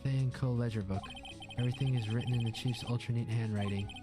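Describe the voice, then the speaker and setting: A man's voice: medium pitch, fairly even intonation, quick pace, close to an everyday voice. A man voicing a young male defense lawyer who narrates in a plain, matter-of-fact way, over game music.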